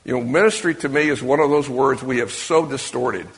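A preacher with a medium-pitched voice talks fairly quickly, addressing a congregation conversationally and often asking them questions. The setting is a church or meeting hall with an audience, recorded with a large hall's long reverb.

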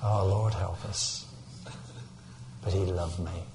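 A man's voice: low voice, fairly even intonation, slow pace, background noise. An older man from England preaching a sermon, telling personal stories and rising to fervent peaks.

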